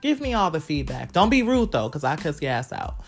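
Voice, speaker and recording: Young woman with a low voice on her podcast, cussing and laughing, chatting straight to listeners, faint music in the back. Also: big pitch swings, brisk, creaky. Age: 20s. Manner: frank, profane, laughing, talks straight to listeners. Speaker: podcast host. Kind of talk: candid solo podcast chat.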